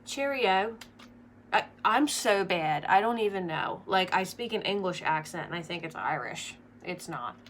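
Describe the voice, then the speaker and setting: A woman's voice: lowish voice, expressive, moderate pace, hardly any pauses, fairly bright tone, a little hiss or hum. A young woman chatting casually through a makeup tutorial, rambling with lots of fillers. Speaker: makeup vlogger.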